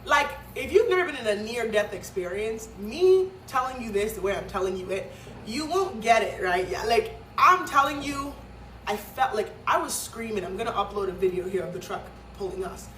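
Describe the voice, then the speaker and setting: A woman's voice: on the high side, lively intonation, moderate pace, a bit bright, slight background noise. A woman from Nigeria telling a story in a vlog, dramatic and emphatic, with many fillers. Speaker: vlogger. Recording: echoey room, mic at a distance.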